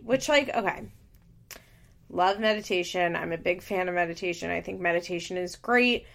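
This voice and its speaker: A woman's voice: lowish voice, vocal fry, fairly bright tone. A woman giving casual, opinionated commentary on a reality show, talking freely with lots of filler words. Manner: chatty, opinionated, frequent "like" fillers. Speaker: podcast host recapping reality TV.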